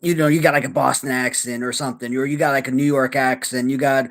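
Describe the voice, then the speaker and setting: A man from Chicago talks in a relaxed, halting way, restarting phrases and filling gaps with "like." His voice sits at a middle pitch. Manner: halting, with many restarts and fillers. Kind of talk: casual chat.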